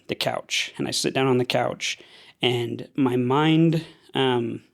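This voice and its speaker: A young man from Idaho, appearing as a podcast guest, shares a personal story earnestly but haltingly, often starting over. His voice is mid-range and gravelly.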